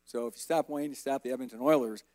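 Man in his fifties, guest speaker at church, rambling folksy storyteller, ordinary pitch. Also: fast, no room sound. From Colorado, USA. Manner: relaxed, folksy, rambling with fillers. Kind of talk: personal testimony storytelling. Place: church service.

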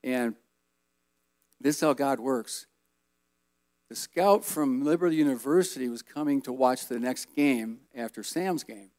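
A man in his fifties giving a relaxed, rambling personal testimony as guest speaker at a church service. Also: medium pitch, unhurried, long pauses, dry recording. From Colorado, USA. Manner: relaxed, folksy, rambling with fillers.

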